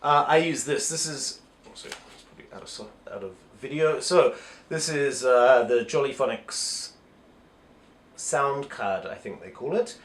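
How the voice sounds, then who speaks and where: A man teaching phonics in a casual, step-by-step way, pausing on "so" and "uh" as he explains. His pitch moves freely up and down. He is recorded in a roomy, echoey space on a camera mic. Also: lively intonation. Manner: explains step by step, with many "so" and "uh" fillers. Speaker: English teacher. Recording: echoey room.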